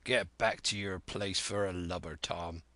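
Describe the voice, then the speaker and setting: A man's voice: sits low, fairly even intonation, a little slow, pushed and bright, no room sound, pitched below the performer's own voice, full character voice. A man voicing a cunning one-legged old sea cook who blusters in salty sailor slang. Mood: blustering. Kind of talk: audiobook character reading.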